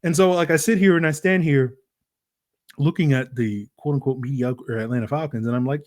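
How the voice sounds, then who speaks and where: A man hosting a solo sports podcast, talking in an animated, rambling way with lots of fillers and rhetorical "right?" questions. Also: mid-range voice, brisk. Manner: acts out voices in quoted asides. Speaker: podcast host.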